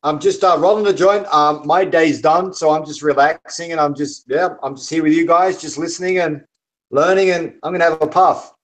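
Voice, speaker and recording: A laid-back Australian man chatting on a video call. He is encouraging and says mate all the time. His voice sits somewhat high. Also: fairly even intonation, normal speed. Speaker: hangout participant. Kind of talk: casual chat.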